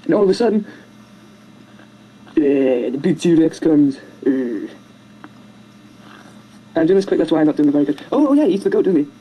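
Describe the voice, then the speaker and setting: A speaker rambling through a comic retelling of a film over their own drawings, hurried and jokey, jumping into silly squeaky voices on a home computer mic. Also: expressive, warm tone, slight background noise, low-quality recording. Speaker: amateur storyteller narrating drawings.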